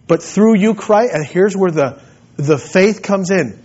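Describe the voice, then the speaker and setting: A man preaching a sermon to his church, emphatic, rising to loud peaks and dropping to low asides. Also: animated, unhurried, lo-fi sound. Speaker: pastor.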